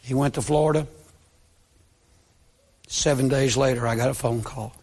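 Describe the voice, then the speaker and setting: A man's voice: mid-range voice, steady tone, moderate pace, darkish tone. A man, a pastor preaching a sermon as a story, impassioned and pleading, dropping to near-whispers when quoting others.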